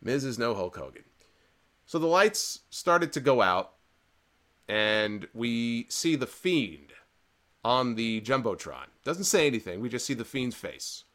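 A man hosts a live-streamed wrestling recap, sounding opinionated, sarcastic and rambling. His medium-pitched voice has big pitch swings, a measured pace and a slightly bright quality.

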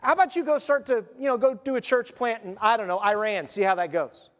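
Male preacher, very high-pitched, chatty and needling, sermon recorded in an echoing sanctuary. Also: fairly quick. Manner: animated, conversational, sarcastic rhetorical questions. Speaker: pastor. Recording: long reverb of a church hall.

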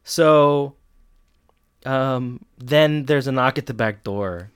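Male co-host, medium pitch, clear resonant tone, laid-back dry storyteller. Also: slow. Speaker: podcast co-host. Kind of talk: casual chat recapping a TV episode.

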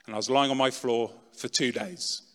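A middle-aged man giving a dramatic personal testimony talk, swinging from loud, pushed lines to hushed ones. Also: mid-range voice, fairly even intonation, normal speed. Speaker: speaker telling his testimony. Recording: long reverb in a large hall.

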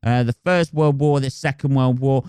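A man's voice: mid-range voice, steady tone, normal speed, dark tone, smooth, no room sound, clean studio sound. A young man hosting a podcast, rambling crudely and swearing in a casual comic monologue. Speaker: podcast host. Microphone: close podcast mic.

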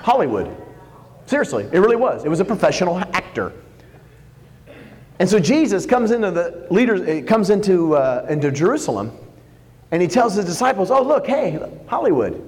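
Animated preacher man in a reverberant church. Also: high voice, moderate pace, pauses often. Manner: animated, jokey preaching with acted-out quotes. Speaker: pastor. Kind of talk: sermon.

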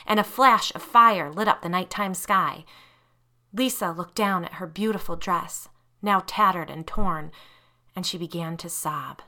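Bright-voiced woman narrating a spooky story. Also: fairly low pitch. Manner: expressive, building suspense. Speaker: podcast host and narrator.

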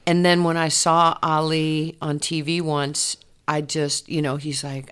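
A woman, a former athlete telling her life story in an interview, animated and laughing often. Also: low voice, measured pace, hardly any pauses, clean tone. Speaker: interview guest, former basketball player. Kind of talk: candid personal storytelling.

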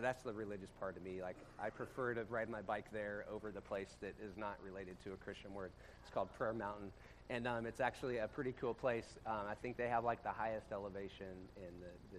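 Laid-back guy pastor, deep-ish voice, chatty sermon in a church room, faint hiss behind. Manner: conversational, with sudden loud bursts and quiet drops. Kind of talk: casual storytelling sermon.

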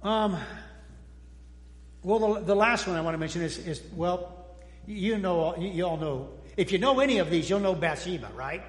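High-voiced pastor preaching in an echoing hall. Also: male voice, expressive, moderate pace. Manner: folksy and joking, with frequent restarts and sudden quiet drops. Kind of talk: conversational sermon. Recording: echoey hall with long reverb.

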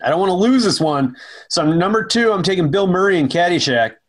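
A man's voice: high-pitched, expressive, a little fast. A man co-hosting a comedy podcast, telling stories in a rambling, stumbling way. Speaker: podcast co-host. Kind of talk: casual comedy chat.

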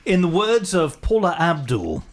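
A man's voice: fairly high pitch, huge pitch swings, unhurried. A man hosting a comedy radio show, chiming in with dry, wry remarks. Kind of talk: comedic banter with a guest.

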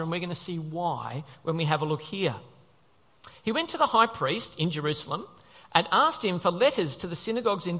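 A male preacher gives an animated sermon in a conversational way, pausing often to question the congregation. His fairly high voice swings widely in pitch. A long hall reverb trails behind his words.

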